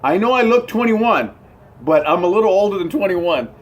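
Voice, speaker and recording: A man's voice: high voice, very animated, normal speed. A middle-aged man vlogging casually from his front porch, rambling upbeat with lots of fillers and restarts. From United States. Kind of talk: casual rambling vlog to camera.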